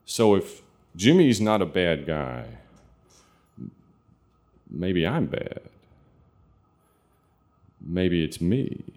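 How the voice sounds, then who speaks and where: A man telling a true personal story in an earnest, confessional way, with halting restarts. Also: low voice, sing-song, a little mellow.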